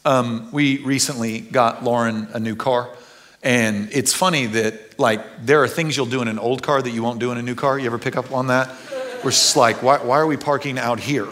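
A man preaching a sermon as pastor, animated and earnest, swinging from loud excitement to quiet intensity. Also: mid-range voice, normal speed.

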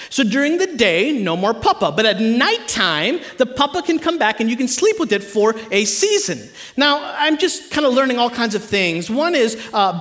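A man in his thirties preaching a sermon in a church, telling animated, humorous family stories to the congregation. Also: very high-pitched. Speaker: pastor. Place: church stage before a live audience.

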